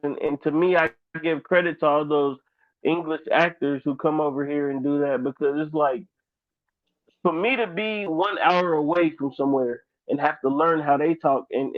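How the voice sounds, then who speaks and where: Podcast co-host from Ohio, fairly high male voice, animated and rambling, thin phone-like dry recording. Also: moderate pace, no room sound. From Dayton, Ohio. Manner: animated, rambling, lots of fillers. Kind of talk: casual chat. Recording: dry, tinny phone-like sound.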